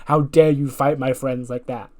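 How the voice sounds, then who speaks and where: A man voicing an angry female wrestler yelling at a rival in a wrestling game. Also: mid-range voice, fairly even intonation, normal speed, natural voice. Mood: outraged. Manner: shouting, outraged.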